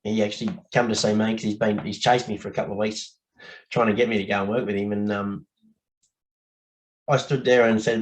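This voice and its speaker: An Australian man speaking candidly as a guest on a casual podcast, blokey and quick to laugh, swearing now and then. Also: lowish voice, level tone, low-quality recording.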